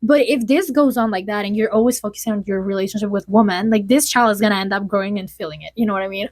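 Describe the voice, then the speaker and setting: A woman's voice: medium pitch, fast, a little mellow, dry recording. A young adult woman vlogging casual gossip, rambling and chatty with lots of "like" fillers. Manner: chatty, rambling, heavy use of "like". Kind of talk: casual gossip chat to camera.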